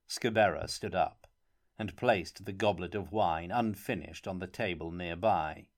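Male audiobook narrator, lowish voice, measured and even delivery.

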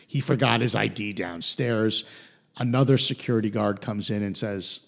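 A man hosting a podcast, recapping a TV episode in an animated way. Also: fairly low pitch, moderate pace, vocal fry. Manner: animated retelling with put-on quote voices. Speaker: podcast host.

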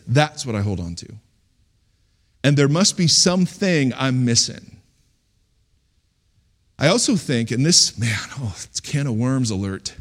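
A man preaching a sermon as a pastor, in a conversational, animated way with sudden loud outbursts. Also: medium pitch.

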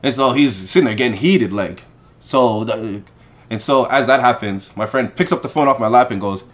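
A man casually telling an animated story in conversation, acting out the people he quotes. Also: mid-range voice, normal speed. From Canada.

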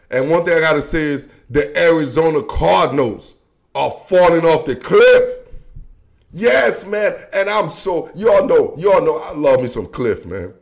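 Guy with a high gravelly voice doing a loose football rant, slangy, jokey, gets loud then mumbles. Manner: animated, slangy, joking, swings between shouting and mumbling. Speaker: football show host. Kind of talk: casual football commentary monologue.

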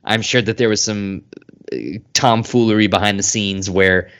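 A man's voice: on the low side, fairly even intonation, normal speed, fairly bright tone, smooth. A man co-hosting a podcast, chatting casually and animatedly, acting out quotes and swearing freely. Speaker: podcast co-host.

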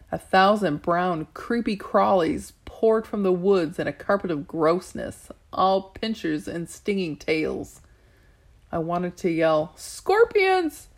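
A woman narrating a novel in the first person, measured, with small restarts. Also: on the low side. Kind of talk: audiobook narration.

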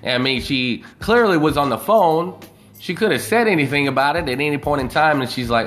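A man's voice: mid-range voice, normal speed, fairly bright tone, faint music behind. A man talking casually on a live video, rambling and swearing freely as he tells a story. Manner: profane, loose and rambling.

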